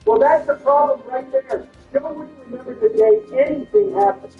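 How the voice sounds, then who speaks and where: A gameplay commentator does comedy, trading crude insults in bickering impressions. His voice is extremely high with big pitch swings and vocal fry at a moderate pace, and the recording is roomy, distant and muffled, with music.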